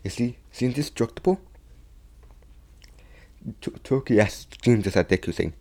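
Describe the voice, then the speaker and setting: A young man casually retelling a fan-made story, halting often and restarting his sentences. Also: medium pitch, lively intonation, darkish tone. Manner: halting, many restarts and repeats.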